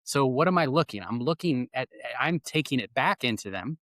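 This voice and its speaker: Guy guesting on a podcast, middle-pitch voice, explains stuff with examples, dry sound. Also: expressive, normal speed, a bit bright, no echo. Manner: explanatory, gives examples by stressing words. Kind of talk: conversational podcast interview.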